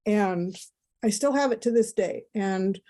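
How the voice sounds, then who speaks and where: A woman's voice: medium pitch, a little slow, dark tone. A middle-aged woman, a podcast guest, telling a personal story in an emotional, rambling way with many asides.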